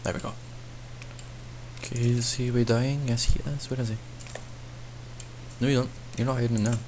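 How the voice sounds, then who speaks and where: A man's voice: mid-range voice, little pitch movement, normal speed, a little mellow, a little hiss or hum. A young man, rambling and joking at himself in casual let's-play commentary at his computer mic. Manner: rambling, self-mocking, talks to himself while playing. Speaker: gaming channel host.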